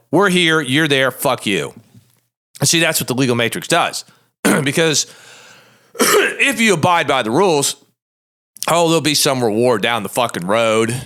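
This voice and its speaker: A middle-aged man delivers a blunt, combative monologue packed with profanity. His voice is bright and forceful, pitched in an ordinary middle range. He talks like a seasoned lawyer venting against the system he works in. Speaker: podcast host, lawyer.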